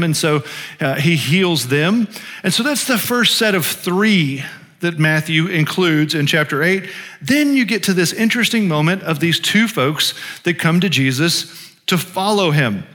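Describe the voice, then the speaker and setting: A man's voice: a little high, pushed and bright. A man preaching a sermon as pastor, talking casually with plenty of fillers and restarts. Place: church sanctuary. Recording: long hall reverb.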